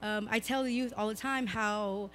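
A young woman, preaching a casual youth sermon in a slightly hoarse voice, chatty and full of "like" fillers. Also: mid-range voice, fairly even intonation, normal speed, a bit bright, faint music behind. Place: church service, recorded live.

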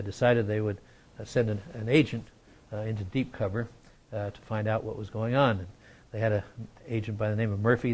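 An older man giving a lecture, telling an anecdote in a measured way with frequent pauses and fillers. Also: on the low side, darkish tone. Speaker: guest lecturer.

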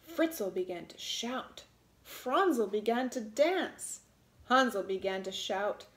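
A woman reading a storybook aloud in an expressive way, relishing the sound words. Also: mid-range voice, slow, reverberant.

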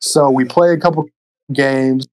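A man's voice: mid-range voice, fairly even intonation, a little slow, darkish tone, dry recording, rough recording. Profane, laid-back male podcast guest. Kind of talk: casual storytelling. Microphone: cheap USB microphone.

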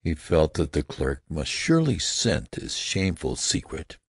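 A man with a very deep, gravelly voice narrates an audiobook slowly and with lively pitch. The recording is close and dry, with no room sound. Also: no room sound. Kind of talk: scripted narration.

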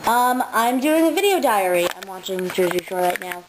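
A woman's voice: mid-range voice, expressive, normal speed, rough recording. Woman aged nineteen, casual video diary, rambling, swears often, home recording, noticeable background noise. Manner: rambling, swears casually, jumps between tangents. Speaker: vlogger. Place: home, indoors.

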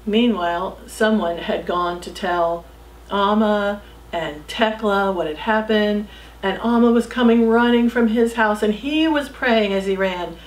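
A woman telling a missionary story to children, with dramatic shifts from loud calls to soft whispers. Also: medium pitch, unhurried, echoey room, rough recording. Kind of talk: storytelling narration.

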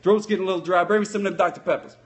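A man's voice: sits high, steady tone, very fast, close to an everyday voice. A man voicing a folksy male sock-puppet patrol cop who rambles with loose grammar while chatting with viewers on a comic live stream. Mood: chatty.

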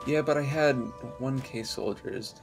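A man streaming a strategy game, talking excitedly to himself and his chat, urging his troops on in frantic bursts. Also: medium pitch, measured pace, gravelly, music in the background. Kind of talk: live strategy game commentary.

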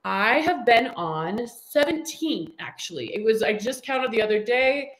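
A woman's voice: fairly high pitch, a little slow, low-quality recording. A woman in her thirties, a guest in a casual interview, telling stories with energy and acting out what people said. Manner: animated storyteller who acts out quoted dialogue.

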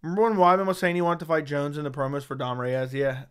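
A man's voice: on the high side, fairly even intonation, fast, clean tone. A man hosting a casual livestream, reading viewer chat aloud and giving blunt, sarcastic, slangy replies into a studio microphone.

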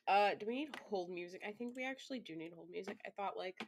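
A woman's voice: mid-range voice, brisk, few pauses. A woman live streamer chatting casually to herself, rambling with lots of fillers and swearing. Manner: rambling self-talk with frequent swearing and fillers.

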